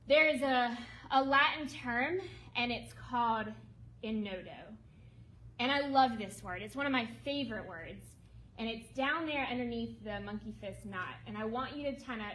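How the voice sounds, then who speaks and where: Lively woman speaker with a high voice. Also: a little hiss or hum, low-quality recording. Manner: lively and emotional, prompts the audience to respond. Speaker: ministry speaker presenting a women's home. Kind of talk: talk to a seated audience with slides. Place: meeting room with tables.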